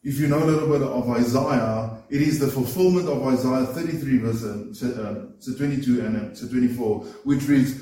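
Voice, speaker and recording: A man's voice: medium pitch, normal speed, few pauses, mellow. A man preaching a sermon, earnest and emphatic, often repeating words as he builds a point. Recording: roomy echo, voice from far off the mic.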